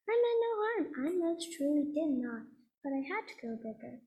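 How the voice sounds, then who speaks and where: A woman reading a rhymed picture book aloud expressively, with loud outbursts and hushed passages. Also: high voice, sing-song, moderate pace, rough recording.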